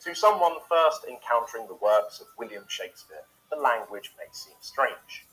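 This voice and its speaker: Male narrator, mid-pitched, very lively intonation, scripted explainer read. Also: faint music behind, low-quality recording. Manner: measured, explanatory delivery. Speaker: narrator of an educational video.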